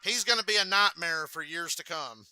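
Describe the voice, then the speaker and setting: A man giving blunt, excitable live reaction commentary on a race, swearing freely. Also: a little high, moderate pace, clear, resonant tone, low-quality recording. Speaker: racing channel host.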